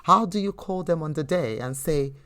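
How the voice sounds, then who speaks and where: A woman's voice: low-pitched, normal speed, a bit bright. Earnest woman hosting a faith podcast. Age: adult. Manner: earnest, conversational, with frequent restarts. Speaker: podcast host. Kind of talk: faith teaching podcast with personal storytelling.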